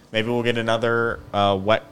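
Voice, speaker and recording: A man's voice: on the low side, level tone, a little slow, fairly bright tone, clear, resonant tone. A young man co-hosting a casual sports podcast, talking in a laid-back, hesitant way with lots of ums and laughter. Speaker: podcast co-host. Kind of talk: casual chat.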